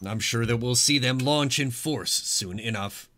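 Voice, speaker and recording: A man voicing a female tech-priestess in a tabletop game, reading out data in a flat, robotic way. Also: medium pitch, unhurried, a little hiss or hum.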